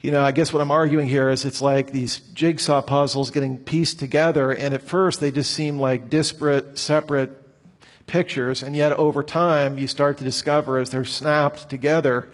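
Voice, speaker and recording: A man teaching a Bible lesson, asking many rhetorical questions in an animated way. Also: mid-range voice, moderate pace. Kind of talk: lecture. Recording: long hall reverb.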